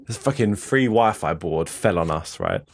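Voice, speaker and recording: Lively young man, dry close sound. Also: deep voice, normal speed, creaky, dry recording. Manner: lively, sweary storytelling with many restarts. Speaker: podcast co-host. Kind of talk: casual chat.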